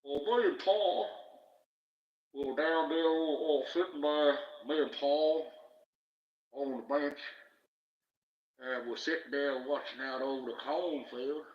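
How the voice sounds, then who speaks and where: An old Southern US farmhand, put on by a man in a raised, lifted voice, drawling along in a slow, rambling yarn. It sounds far from the mic in a roomy space, dull and lo-fi. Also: on the high side, voice pushed up, natural voice. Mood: nostalgic.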